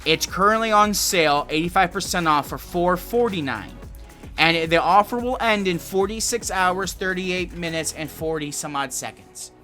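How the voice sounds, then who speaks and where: A man reviewing a video game in a casual, excitable way, swearing a lot and rambling. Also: high voice, moderate pace, faint music behind.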